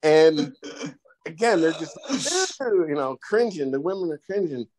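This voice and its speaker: A man guest on a podcast, telling goofy stories in a rambling, animated way with many restarts. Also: on the high side, a little slow, slight background noise. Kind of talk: casual storytelling.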